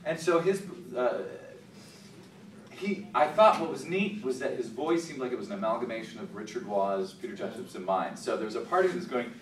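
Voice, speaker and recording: A man's voice: mid-range voice, fairly quick. Man fielding fan questions on a panel, joking and loose; captured from a distance in an echoey hall with noisy ambience. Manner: chatty, jokey, laughs often, swears casually. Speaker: voice actor answering fan questions. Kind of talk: convention panel Q&A. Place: large convention hall.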